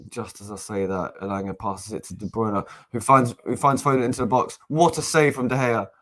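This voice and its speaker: Young guy doing a live fan watchalong, lowish voice, gets worked up and restarts a lot. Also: brisk. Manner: excitable and exasperated, swears, repeats and restarts phrases. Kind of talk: casual live match commentary.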